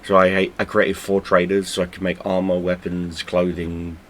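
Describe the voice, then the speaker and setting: A man's voice: sits low, monotone, moderate pace, slight background noise. A man hosting a gaming channel, talking in a blunt, casual way full of swearing, often stumbling and repeating words. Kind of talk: casual unscripted vlog talk.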